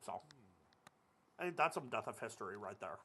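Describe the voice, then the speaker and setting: Lively, joking young male gamer. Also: fairly low pitch, moderate pace, a little hiss or hum. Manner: jokey, rambling, swears at the game. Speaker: gaming video creator. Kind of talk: casual gameplay commentary.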